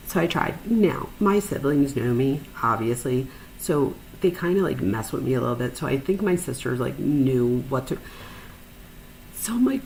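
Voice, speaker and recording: A woman with a low, gravelly voice tells a personal story on a podcast. She talks in an animated, chatty way, full of fillers, and jumps up high for quoted asides. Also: moderate pace, a little hiss or hum, rough recording. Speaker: podcast host, psychologist.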